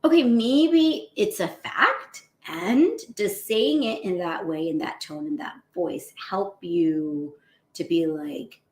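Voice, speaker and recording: A woman's voice: lowish voice, slow pace, echoey room. A woman physician hosting a casual motivational talk, acting out harsh inner voices and often checking in with "right?". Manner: animated, acts out self-critical inner voices, often adds "right?".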